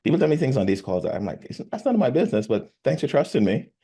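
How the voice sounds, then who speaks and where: A man's voice: medium pitch, racing, breathy edge. A man coaching on sales, casually talking through a sales call and acting out both sides of it. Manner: animated, acts out sales calls. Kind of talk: casual conversation.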